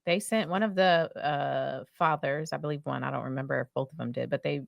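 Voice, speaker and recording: A woman with a low, deep speaking voice hosts a casual podcast. She talks with indignant passion, her words dry and close to the microphone. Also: brisk, creaky, no echo, highs cut off. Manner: impassioned, indignant rants. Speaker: podcast host.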